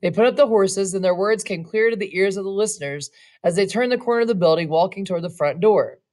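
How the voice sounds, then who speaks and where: A woman's voice: medium pitch, quick pace, a little mellow. Woman reading a western story aloud. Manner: casual, laughing asides. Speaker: reader and narrator.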